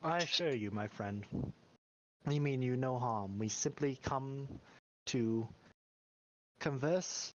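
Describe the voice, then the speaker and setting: A man's voice: mid-range voice, takes it slowly, long pauses, natural voice. A man voicing a courteous male adventurer in his everyday voice, with polite, formal phrasing. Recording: slightly dull mic with faint noise.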